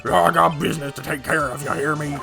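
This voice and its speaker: A man's voice: a little high, steady tone, a little fast, creaky, music in the background. A man voicing a hot-tempered male loan shark with a put-on Brooklyn accent, talking in menacing tough-guy slang. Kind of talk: fan voice-over of a game.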